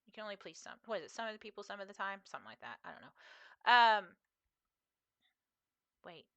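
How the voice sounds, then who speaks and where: A woman's voice: medium pitch, expressive, brisk, fairly bright tone, highs cut off. A woman streamer chatting casually with her viewers while playing a game, in a rambling, chatty way. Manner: chatty and rambling, talking to chat. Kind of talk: casual chat while gaming.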